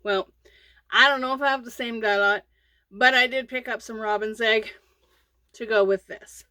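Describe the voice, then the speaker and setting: A woman's voice: on the high side, steady tone, moderate pace, pushed and bright, dry recording. A middle-aged woman chatting casually about crochet on her channel, rambling with lots of fillers and restarts, a bit sleepy. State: sleepy, yawning. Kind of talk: casual crochet vlog chat.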